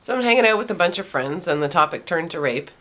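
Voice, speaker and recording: A woman host telling rapid-fire dark one-liner jokes in a deadpan delivery. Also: fairly low pitch.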